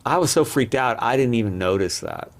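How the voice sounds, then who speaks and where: A man's voice: medium pitch, lively intonation, brisk. A man, a podcast guest, telling rambling personal stories in a candid, casual way with frequent restarts. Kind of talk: casual interview storytelling.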